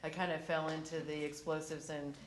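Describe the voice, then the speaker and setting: A woman's voice: low-pitched, a little fast, roomy sound, over a noisy crowd. A woman on a discussion panel, telling work stories and laughing often as she talks. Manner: animated, laughs through her stories. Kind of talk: storytelling on a panel. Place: conference hall.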